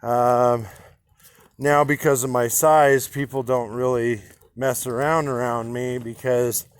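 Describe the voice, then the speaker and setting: A man talks slowly and deliberately, stopping often to restart his sentences. His voice sits at an ordinary middle pitch, and he speaks frankly with casual swearing. He records an inspirational monologue into his own camera. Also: level tone, smooth, no echo. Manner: halting, with frequent restarts and fillers. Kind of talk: candid personal vlog monologue.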